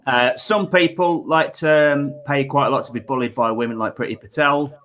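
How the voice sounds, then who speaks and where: A man's voice: mid-range voice, normal speed, a bit bright. A man hosting a comedy panel show, chatty and stammering, self-deprecating. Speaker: host.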